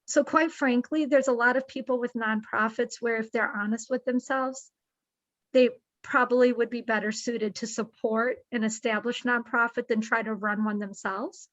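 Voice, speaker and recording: A woman guest on a podcast, telling stories about her work and acting out quoted dialogue with lively shifts in pace. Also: on the high side, normal speed, dry recording. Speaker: nonprofit executive, guest. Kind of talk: animated podcast storytelling. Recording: dull dry podcast audio.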